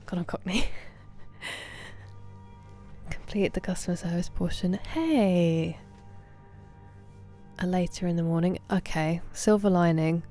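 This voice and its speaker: A woman, casually chatting with viewers on a game stream, thanking them by name and sometimes dropping to soft murmurs. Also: lowish voice, slow pace, pauses often, faint music behind. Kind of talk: casual livestream chat.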